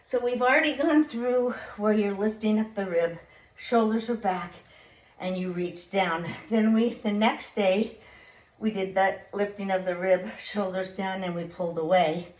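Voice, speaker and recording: A woman's voice: medium pitch, measured pace, a little mellow. A woman fitness instructor coaching a workout while riding a stationary bike, a little out of breath, giving encouraging step-by-step cues. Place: home exercise bike. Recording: echoey room.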